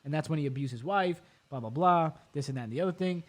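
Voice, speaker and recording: A man hosting a podcast, recapping a documentary in rapid, profane, animated casual chat. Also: fairly high pitch. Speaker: podcast host.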